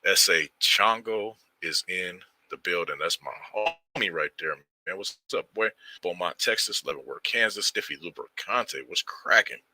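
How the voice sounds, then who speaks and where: A low-pitched man with a sharp, bright edge to his voice chats loosely with his viewers and greets them by name in street slang. The sound is dry and close, with no room around it. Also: normal speed, no echo. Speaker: livestream host. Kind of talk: casual livestream chat reading viewer comments.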